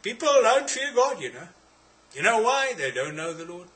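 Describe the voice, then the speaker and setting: Forceful South African preacher, higher voice. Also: male voice, big pitch swings, moderate pace. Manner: emphatic, repetitive, rhetorical questions. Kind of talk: sermon.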